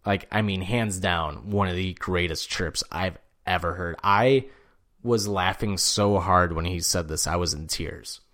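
A man hosting a casual sports podcast, telling stories with animated quoted voices and frequent swearing. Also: measured pace. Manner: animated storytelling, acts out quotes with jumps in pitch. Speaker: podcast host.

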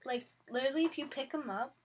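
A young woman co-hosting a podcast from home, chatting casually, laughing often and sounding drawn-out and tired. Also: high voice, darkish tone, slight background noise. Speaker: podcast co-host. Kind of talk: casual chat.

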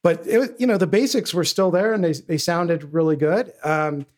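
A man's voice: fairly high pitch, normal speed. A man co-hosting a podcast, guiding the talk through a band's history and introducing songs. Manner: steers the episode, introduces songs. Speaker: podcast co-host. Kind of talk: casual music discussion.

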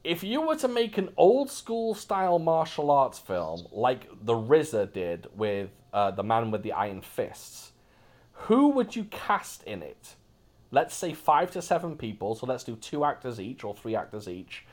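A man hosting a casual podcast, his pitch swinging up and down as he talks. He jokes at his own expense and keeps the chat lively. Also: measured pace. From Wales. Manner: lively, joking, self-mocking. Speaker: podcast host.

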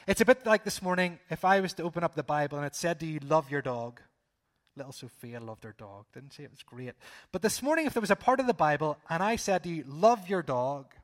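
A middle-aged man, preaching a sermon and putting rhetorical questions to the congregation, swinging between loud emphasis and hushed asides. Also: fairly high pitch, very animated, quick pace.

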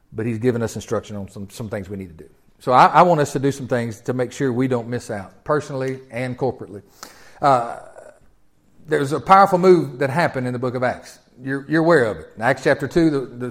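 High-voiced male pastor preaching. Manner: conversational, storytelling with sudden swells. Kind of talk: sermon.

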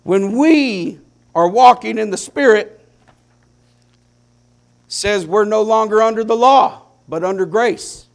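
A man delivers a sermon in a high, gravelly voice. He preaches slowly and deliberately, letting phrases stretch out. He swings between hushed, quiet passages and loud, impassioned peaks.

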